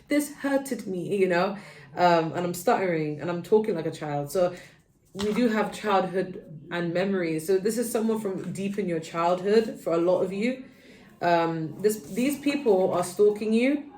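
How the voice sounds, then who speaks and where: A woman with a lowish voice gives a tarot reading in a rambling, earnest way, full of fillers and false starts. She sits a little back from the mic, and her voice rings in an echoey room. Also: a little mellow, distant mic. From United Kingdom. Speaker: tarot reader. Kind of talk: tarot card reading to viewers.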